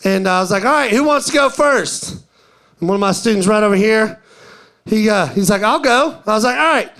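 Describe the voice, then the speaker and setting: A man's voice: high voice, fairly quick, fairly bright tone. A man doing live stand-up, telling a story in a drawling, conversational way and quoting other people. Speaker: stand-up comedian. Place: live comedy venue.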